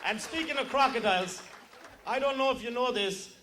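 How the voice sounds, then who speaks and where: Irish man telling jokes, high voice. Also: fairly quick, a crowd in the background, noisy background. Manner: teasing, chatty, self-mocking. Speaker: joke teller at a luncheon. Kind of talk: stand-up joke telling. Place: luncheon room. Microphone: handheld microphone.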